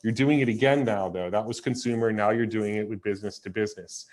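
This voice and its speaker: Man, interviewer, friendly, lightly joking, lowish voice. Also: fairly even intonation, quick pace, a little mellow. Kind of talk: interview introduction and questions.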